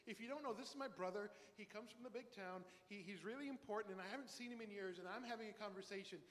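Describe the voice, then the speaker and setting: A man's voice: high-pitched, quick pace, fairly bright tone. A man voicing an impatient male pharmacist who talks brusquely, in a church hall. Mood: irritated. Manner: brusque, irritated.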